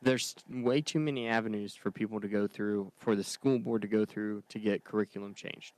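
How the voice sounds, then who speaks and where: A man co-hosting a casual political podcast, talking earnestly in quick bursts and laughing. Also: on the low side, steady tone, darkish tone, no echo. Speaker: podcast co-host.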